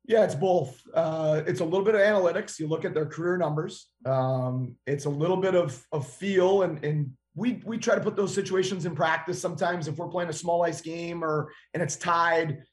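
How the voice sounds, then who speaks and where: A middle-aged man from Minnesota, a hockey head coach guesting on a podcast, answering with animated stories and acted-out dialogue. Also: fairly high pitch, moderate pace, hardly any pauses. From Minnesota, USA. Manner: animated storyteller who acts out dialogue. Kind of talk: podcast interview.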